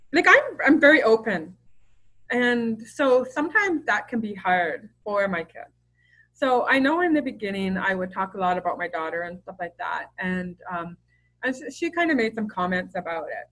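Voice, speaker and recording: A woman's voice: mid-range voice, lively intonation, normal speed, a bit bright, low-quality recording. A middle-aged woman as a podcast guest, talking openly and chattily with lots of fillers and restarts. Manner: open, chatty storyteller with many fillers and restarts. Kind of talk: casual interview conversation.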